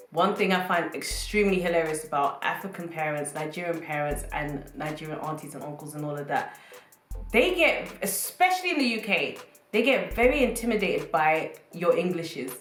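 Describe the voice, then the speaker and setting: A British woman in her late twenties telling jokes and stories to the camera in an animated, playful way and talking straight to her viewers. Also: sits low, moderate pace. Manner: animated, joking, addresses viewers as guys. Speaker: vlogger. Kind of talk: casual comedic monologue to camera. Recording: roomy echo, faint music.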